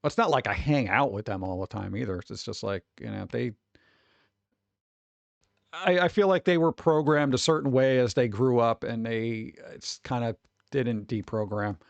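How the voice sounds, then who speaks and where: American man, casual livestream chat, rambling, frequent laughs, mid pitch, dry sound. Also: moderate pace, vocal fry, dry recording, lo-fi sound. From United States. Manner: rambling, laughs often, trails off. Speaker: VTuber streamer.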